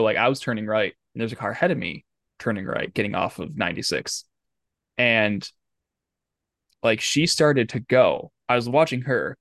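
A man's voice: lowish voice, a bit bright, dry recording, clean studio sound. A man co-hosting a podcast, telling a story casually and animatedly, swearing and acting out quotes. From Michigan, US. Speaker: podcast co-host. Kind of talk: casual chat.

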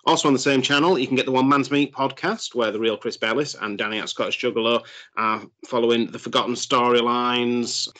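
Bright-voiced male podcast host. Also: mid-range voice, fairly even intonation, brisk. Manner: jokey, plugging shows. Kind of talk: casual podcast chat.

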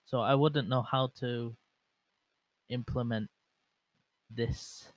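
A young man chats his way through a solo podcast, wandering off track and poking fun at himself. His voice sits at an ordinary middle pitch. It is recorded close and dry on a bare microphone with no windscreen. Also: steady tone, takes it slowly, dry recording, rough recording. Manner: rambling and self-mocking, with lots of fillers and restarts. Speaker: podcast host. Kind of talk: casual solo podcast chat. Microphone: bare microphone without windscreen, monitored on headset.

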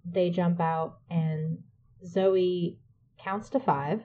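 A woman co-host talks through a film's plot in easy, casual banter. Her voice sits on the low side and she swears freely. The sound is muffled and lo-fi. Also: steady tone, extremely slow, slight background noise. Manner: chatty, swears freely, laughs and jokes. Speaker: podcast co-host. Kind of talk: casual movie recap chat.

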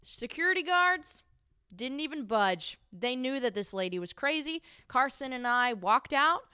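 A woman's voice: sits high, animated, unhurried, sharp tone, clean tone, no echo, studio quality. A young woman delivering indignant, sarcastic political commentary with rhetorical questions. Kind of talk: opinionated commentary monologue.

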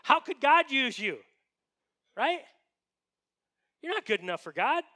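A man's voice: very high-pitched, sing-song, unhurried, bright, forceful tone. A man preaching a sermon as pastor, earnest and emphatic, often asking his listeners rhetorical questions.

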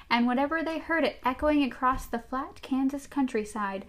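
A woman's voice: sits high, moderate pace, few pauses. A woman co-hosting a podcast, casually reading a storybook aloud with amused asides. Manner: amused, laughs through the reading. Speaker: podcast co-host.

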